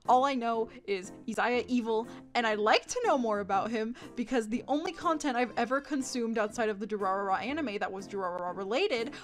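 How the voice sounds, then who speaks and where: A young woman chatting casually in a vlog, giggling often, rambling and swearing freely. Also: medium pitch. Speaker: anime vlogger. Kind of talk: casual chat.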